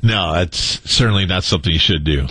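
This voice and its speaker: A man's voice: sits low, fairly quick, slight background noise. A man co-hosting a radio talk show, dropping dry, wry quips. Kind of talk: casual radio interview. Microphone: studio microphone.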